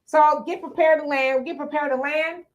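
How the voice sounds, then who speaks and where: A middle-aged woman co-hosting a casual talk show, telling a story in an animated, dramatic way. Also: sits high, normal speed, lo-fi sound. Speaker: co-host.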